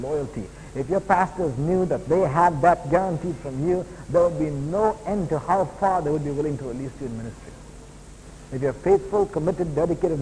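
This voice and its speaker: A man preaching a sermon as a pastor, building to loud emphatic peaks and then dropping to quieter, lower asides. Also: slight background noise. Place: church hall. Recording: long hall reverb, faint ambience.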